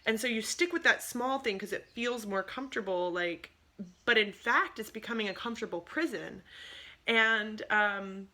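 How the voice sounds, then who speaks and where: An animated woman vlogger tells personal stories straight to her phone camera. Her voice is bright and crisp, and she laughs easily between thoughts. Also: mid-range voice, moderate pace. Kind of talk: casual personal storytelling.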